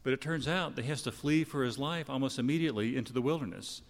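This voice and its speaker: A man's voice: medium pitch, quick pace. A man preaching a sermon, retelling a scripture story in a conversational way with fillers and self-corrections. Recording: long hall reverb.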